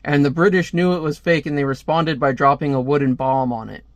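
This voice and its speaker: Man reviewing a comic, rambly and chatty, slightly high voice. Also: fairly even intonation, brisk, no echo. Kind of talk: casual comic review read-aloud.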